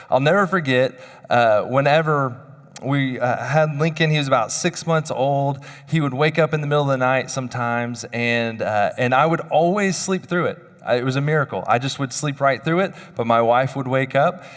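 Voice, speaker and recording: A man in his thirties with a medium-pitched, slightly bright voice gives a sermon in a university chapel hall. He tells personal stories in a conversational, self-deprecating way, and the recording carries a long hall reverb.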